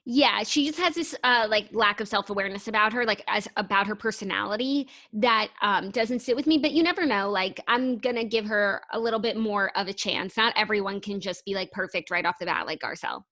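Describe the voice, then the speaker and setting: A woman's voice: mid-range voice, brisk, hardly any pauses, bright, forceful tone. A young woman co-hosting a podcast, chatting enthusiastically in casual talk with frequent fillers. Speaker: podcast co-host. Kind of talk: casual chat.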